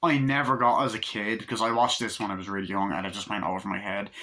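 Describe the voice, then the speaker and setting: Excitable, swearing young man recapping a film. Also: on the low side, fast. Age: 20s. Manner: excitable, profane, rambling. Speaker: movie reviewer.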